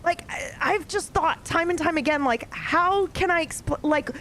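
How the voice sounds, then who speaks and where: A woman in her thirties telling a story from her own life in a casual, animated way, swearing freely. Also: very high voice, measured pace, a little hiss or hum. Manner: animated, swears freely, grows more excited. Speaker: streamer.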